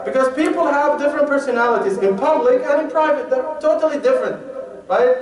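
High-voiced preacher in a roomy hall. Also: male voice, recorded from a distance, crowd noise. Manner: reads Arabic text rapidly then explains in English. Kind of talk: sermon on marriage.

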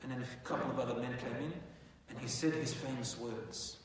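A man telling a dramatic story as a sermon, going from hushed lines to loud, animated ones. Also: medium pitch, fairly quick, far from the mic, a little hiss or hum. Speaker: preacher. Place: mosque prayer hall. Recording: echoey hall, mic from afar.

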